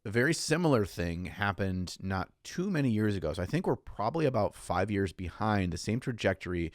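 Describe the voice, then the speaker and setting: A man's voice: on the low side, very animated, a little fast, dry recording, clean studio sound. A man co-hosting a podcast in casual chat, joking, swearing freely and laughing often. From United States. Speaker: podcast co-host.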